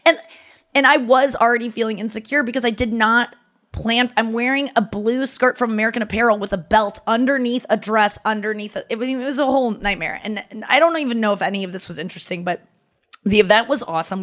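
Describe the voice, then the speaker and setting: A woman hosting a podcast, telling a story in a chatty, animated way, full of "like" fillers and wry self-mockery. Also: on the high side, brisk. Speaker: podcast host. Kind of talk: casual comedic storytelling.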